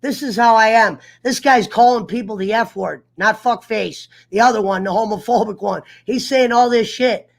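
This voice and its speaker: A man's voice: sits high, normal speed, vocal fry, hardly any pauses. Profane fired-up man telling a story. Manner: profane, fired-up storyteller who mimics others. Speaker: host of an online sports talk show. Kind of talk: casual livestream rant.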